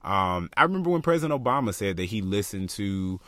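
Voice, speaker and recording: Passionate young man, low dry voice. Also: a little fast, dry recording. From Florida, US. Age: young adult. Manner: passionate, animated, talks through ideas with many fillers. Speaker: podcast co-host. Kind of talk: casual chat.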